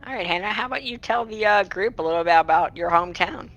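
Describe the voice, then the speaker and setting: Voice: medium pitch, fast talker, fairly bright tone, muffled recording. A game master narrating a tabletop role-playing game, describing scenes at length with frequent ums and uhs.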